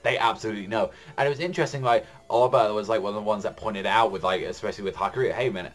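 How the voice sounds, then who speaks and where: A man giving a casual, excited manga chapter review, rambling with lots of fillers and swearing. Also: on the low side, racing.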